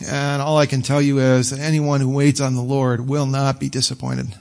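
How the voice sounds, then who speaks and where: A male pastor preaching a sermon in a conversational, animated way. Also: medium pitch, normal speed, vocal fry. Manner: conversational and animated, acting out quotes with laughs.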